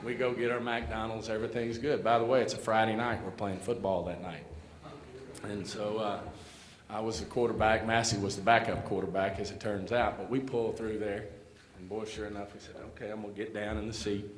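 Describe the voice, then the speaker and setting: A man telling a folksy school story at a tribute event, full of fillers and asides. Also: lowish voice. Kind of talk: storytelling speech. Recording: echoey hall with light noise.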